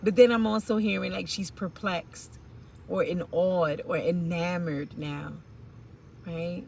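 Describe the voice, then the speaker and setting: A woman's voice: on the low side, steady tone, takes it slowly, creaky, a little hiss or hum. A woman giving an intuitive tarot reading, musing aloud in informal slang with rambling asides and fillers. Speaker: tarot reader.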